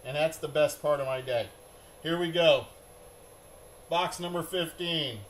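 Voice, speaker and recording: Upbeat middle-aged male host, rambling live-stream chat, unhurried delivery, faint background noise. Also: on the high side, fairly bright tone. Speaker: card break host.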